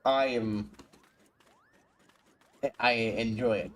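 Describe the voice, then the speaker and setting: A man's voice: medium pitch, fairly even intonation, drawn-out words, a bit bright. A man streaming a video game, chatting casually, often swearing and stumbling over his words. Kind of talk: casual gaming commentary.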